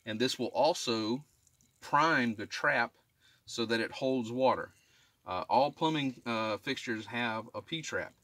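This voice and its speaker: Speaking slowly in a pushed, bright mid-range voice, this middle-aged HVAC tech demonstrates drain line cleaning up in a residential attic. The recording is dry, captured on a camera he points at himself as he works, and his plain-spoken, casual how-to is dotted with repeated "okay?" check-ins.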